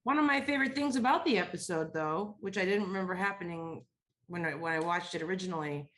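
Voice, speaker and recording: Female podcast co-host, slightly low voice, candid and foul-mouthed. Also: fast, fairly bright tone. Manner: candid, swears freely. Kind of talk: casual podcast chat.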